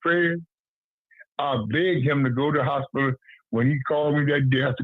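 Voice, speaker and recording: A man's voice: a little high, moderate pace, no room sound. Blunt man on a tinny phone line. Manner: blunt and repetitive, street slang. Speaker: guest on a boxing talk show. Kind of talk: casual phone-in chat.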